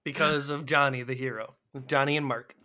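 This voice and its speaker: A man's voice: medium pitch, fairly even intonation, moderate pace, bright, forceful tone. A man co-hosting a casual podcast, retelling scenes with swearing and playful impressions of the characters. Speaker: podcast co-host.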